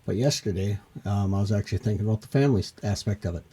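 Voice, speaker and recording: A man with a low, mellow voice talks about running his business, thinking out loud and filling pauses. His tone is husky and dark. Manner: thoughtful, rambling with fillers. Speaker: small business owner guest. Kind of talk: casual conversation.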